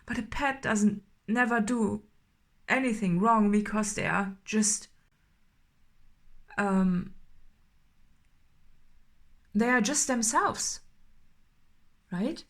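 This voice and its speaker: A woman doing an unscripted intuitive tarot reading, halting and filler-heavy, often checking in with "right?" and growing more emphatic as she goes. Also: medium pitch, fairly bright tone. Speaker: tarot reader.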